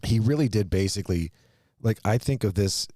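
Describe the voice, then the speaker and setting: A very deep-voiced man co-hosts a casual movie-review chat, his tone dark and mellow. He rambles through long, animated takes, restarting sentences as he goes, in a dry, close sound. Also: normal speed, no room sound. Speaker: podcast co-host.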